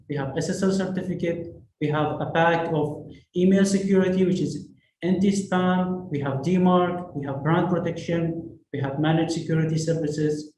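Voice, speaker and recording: A man's voice: a little high, warm tone. A man giving a business presentation at a conference, listing services with frequent fillers. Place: conference hall. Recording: echoey room, faint noise.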